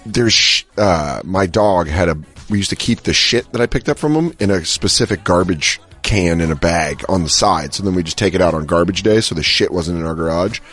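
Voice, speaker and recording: A man co-hosting a casual chat show, telling stories with lively delivery and putting on little voices. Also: low voice, brisk, few pauses. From American. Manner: animated storyteller, acts out voices and shouts. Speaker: podcast co-host.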